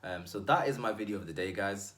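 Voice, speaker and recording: A man hosting his own video, giving an energetic motivational talk to the viewer with emphatic repetition and frequent asides. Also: fairly low pitch, brisk.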